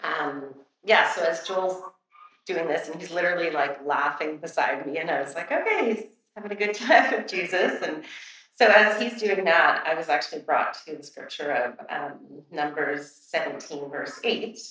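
A woman's voice: sits low, moderate pace, sharp tone. A woman telling her church about a prayer time, casual and hesitant with many fillers, reading a scripture aloud. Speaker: church member sharing a testimony. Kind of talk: testimony to a church. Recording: very echoey, distant from the mic.

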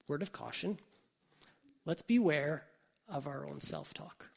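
Gravelly, husky conversational preacher man. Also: a little high, takes it slowly. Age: adult parent. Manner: conversational, thinking aloud with frequent "like" and "right?". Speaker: pastor. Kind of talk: sermon.

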